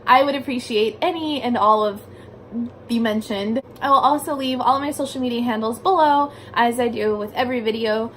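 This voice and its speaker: A woman's voice: fairly high pitch, fairly quick, slight background noise. A young adult woman telling a story in a casual vlog from her bedroom, chatty and filling her speech with "like", swearing casually. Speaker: vlogger.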